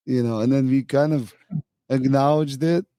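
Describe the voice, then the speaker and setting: A man's voice: medium pitch, steady tone, moderate pace, warm tone, no echo. A man hosting a podcast who coaches youth hockey, reflecting and telling stories from his coaching. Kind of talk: conversational podcast interview.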